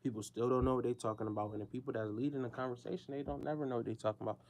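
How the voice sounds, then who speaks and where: Male host, casual monologue, mid-pitched, emphatic and slangy, repeats himself. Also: steady tone, very fast, darkish tone.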